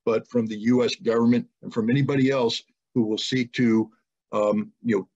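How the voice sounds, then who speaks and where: A man's voice: mid-range voice, fairly even intonation, moderate pace, a little mellow. A man giving an interview who speaks indignantly, building to emphatic rhetorical questions. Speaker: interview guest. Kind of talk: impassioned interview answer. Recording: dull lo-fi audio.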